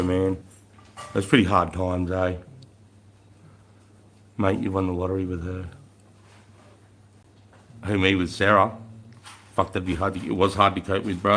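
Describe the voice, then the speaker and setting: A man's voice: low-pitched, flat delivery, moderate pace, long pauses, a bit bright, slight background noise. An Australian man in his forties, chatting casually and bluntly with viewers on a livestream, swearing freely and calling people mate and bro. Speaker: livestream host.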